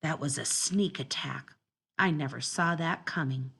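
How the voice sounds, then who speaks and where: A woman reading a children's storybook aloud in the first person, telling it in an expressive, dramatic way. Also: deep voice, a little slow, gravelly, slightly rough. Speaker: storybook narrator.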